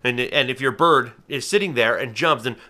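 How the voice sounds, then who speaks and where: A man's voice: medium pitch, moderate pace, pushed and bright, a little hiss or hum. A man hosting his own channel, explaining a hobby carefully and earnestly, with everyday examples. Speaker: falconer and channel host. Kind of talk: casual educational talk to camera.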